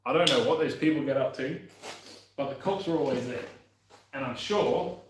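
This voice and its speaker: A man's voice: mid-range voice, moderate pace, reverberant, background noise. A young man casually talking while working on his motorbike, rambling and muttering to himself with the odd swear.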